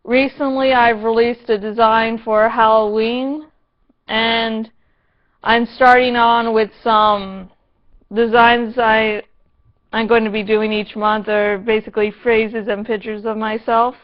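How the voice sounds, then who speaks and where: A woman's voice: a little high, flat delivery, takes it slowly, muffled recording. A woman reviewing a TV episode in a casual vlog, sarcastic, playful and given to swearing.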